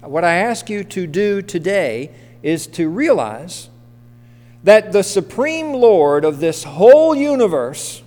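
A man gives a sermon in a church, talking plainly and often asking questions of the people in the pews. His voice sits a little high for a man. The sound has a long reverb off the walls of the hall. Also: darkish tone. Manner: conversational, asks the congregation questions. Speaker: pastor. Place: church sanctuary.

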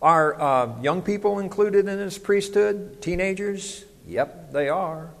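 Baptist-style pastor preaching in a reverberant hall. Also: male voice, high-pitched, takes it slowly, vocal fry. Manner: conversational preaching with rhetorical questions. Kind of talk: sermon.

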